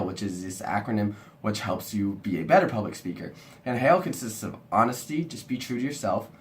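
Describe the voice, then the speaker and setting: A young man and university student, sick and with a rough-sounding voice, talking through a talk he watched in a rambling, casual way. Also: on the low side. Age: young adult. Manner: chatty and rambling, lots of "kinda". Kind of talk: casual video review.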